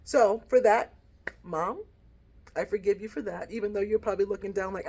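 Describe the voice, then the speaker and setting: A woman's voice: mid-range voice, normal speed, darkish tone, slightly rough. A middle-aged woman vlogging with earnest, reflective feeling as she tells a personal story. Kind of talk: heartfelt personal vlog.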